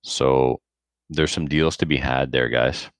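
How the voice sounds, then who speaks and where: A man's voice: a bass voice, slow, clean tone, no room sound. A man co-hosting a podcast, casually reading out a list of firearm deals and prices. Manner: relaxed, rattles off prices and specs. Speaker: podcast co-host.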